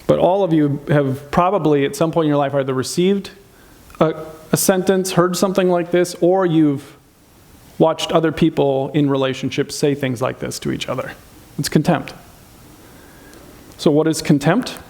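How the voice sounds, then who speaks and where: High-voiced man preaching. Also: steady tone, moderate pace, a little mellow. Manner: conversational, asks the audience many questions; acts out insulting quotes in changed voices. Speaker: pastor. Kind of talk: sermon.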